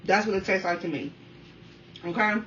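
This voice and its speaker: A talkative woman in her thirties from the Washington, D.C. area chats through a food review, constantly addressing her viewers. Her voice is bright and forward. The dull, slightly distant sound carries faint room noise. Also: mid-range voice, steady tone, moderate pace. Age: 30s. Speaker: mukbang vlogger. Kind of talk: casual chatty food review while eating.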